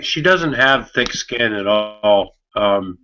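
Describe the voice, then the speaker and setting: A man's voice: lowish voice, lively intonation, slow pace, bright, forceful tone. A man chatting casually on an online call, rambling and swearing, with many fillers and restarts. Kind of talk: casual chat. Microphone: online video call. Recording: muffled online call audio.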